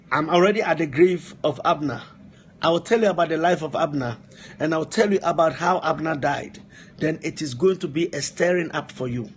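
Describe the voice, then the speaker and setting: Male preacher, high voice, repeats lines hard for emphasis, faint room hum. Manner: repetitive, emphatic exhortation, asides to helpers. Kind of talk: live-streamed sermon.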